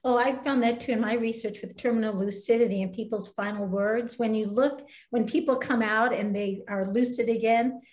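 A woman on a video call chatting quickly and animatedly in an interview, with laughing asides. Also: on the high side, fairly even intonation, darkish tone, roomy sound. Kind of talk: casual interview chat.

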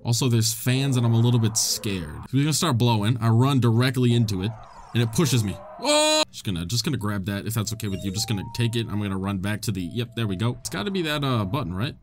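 Wildly animated, excitable gamer man. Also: mid-range voice, quick pace, a little hiss or hum. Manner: joking, excitable, swears often; talks to the game characters. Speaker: gaming channel host. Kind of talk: gameplay commentary.

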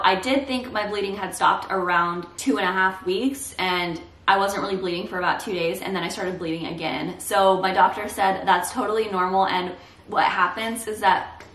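A woman's voice: medium pitch, steady tone, moderate pace, a bit bright, distant mic. A young woman talking candidly and reassuringly to camera in a casual vlog. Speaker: vlogger. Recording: roomy echo, a bit off the mic.

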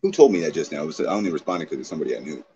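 A man livestreaming in casual chat, profane and excitable, reacting to his chat. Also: rumbling low, very fast. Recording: dull lo-fi stream audio, faint noise.

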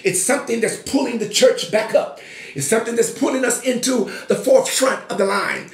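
A man with a high voice preaches a sermon, building from steady declarations into emphatic shouts. His voice carries through an echoey room, as if in a church sanctuary. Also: moderate pace. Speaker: pastor.

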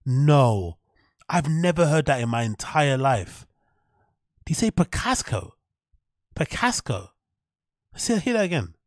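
A man with a slightly raised, lively voice hosts a reaction video. He keeps breaking into laughter and gleefully repeats the mispronounced names he hears. He talks slowly, and the close, dry recording leaves no room echo. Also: on the high side. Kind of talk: reaction commentary.

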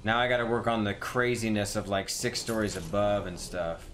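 A man's voice: on the low side, normal speed, slight background noise. A man commentating his own gameplay casually, mocking himself and yelping when things go wrong. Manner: self-mocking, excitable yelps. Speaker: gaming streamer.

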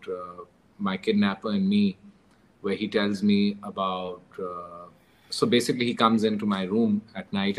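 A man, a guest author in an interview, telling animated stories, dropping in Urdu phrases and laughing through grim moments. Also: fairly low pitch, low-quality recording. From Pakistan. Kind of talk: storytelling interview.

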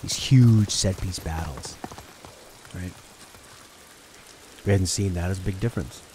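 A man's voice: low-pitched, unhurried, mellow, slight background noise. A man streaming a video game, chatting casually about games and reading his chat aloud while he plays. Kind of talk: casual gameplay commentary. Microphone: desk mic through an audio interface.

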